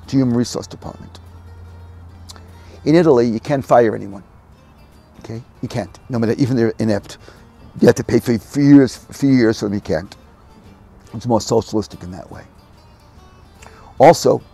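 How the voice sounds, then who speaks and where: An older man, a guest, telling animated stories in an interview, often repeating words and acting out quotes. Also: medium pitch, creaky, husky. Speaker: guest speaker. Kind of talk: storytelling in an interview.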